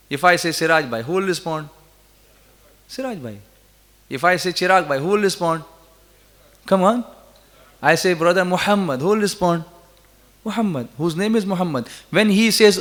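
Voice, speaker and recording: Man preaching to a crowd, high voice, big echoey hall, keeps getting them to repeat after him. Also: a bit bright. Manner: coaxes the audience to repeat, rises into fervent emphasis. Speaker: Quran reciter and teacher. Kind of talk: interactive religious talk with recitation. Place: large hall at a religious gathering. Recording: reverberant hall.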